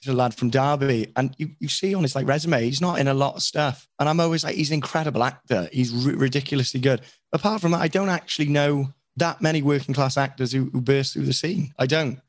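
Speaking quickly in a mid-range voice with no echo, this man is a voice actor from Wales. As an interview guest in a candid chat, he rambles on frankly and at length, frequently putting himself down.

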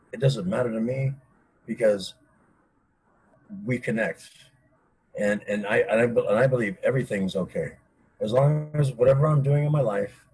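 A man's voice: mid-range voice, creaky, a little mellow, husky, low-quality recording. A man speaking candidly as an interview guest, intense and emphatic, swearing freely. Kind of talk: candid personal conversation.

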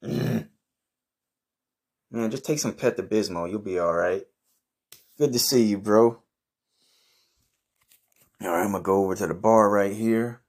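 A man's voice: on the low side, normal speed, creaky, long pauses, slightly rough. A man telling a crude comic story in the first person, brash and swaggering, who swears a lot and bursts into outrage. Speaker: comedy podcast host.

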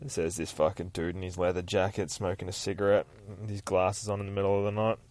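A man hosting a podcast, casually recapping a comic book in a rambling, sweary, excitable way. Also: lowish voice, brisk, few pauses, dry recording. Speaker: podcast host.

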